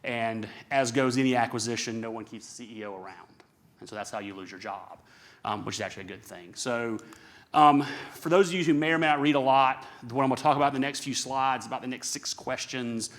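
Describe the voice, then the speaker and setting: Fast-talking man giving a seminar talk. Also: medium pitch. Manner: brisk and emphatic, rhetorical questions. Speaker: conference speaker.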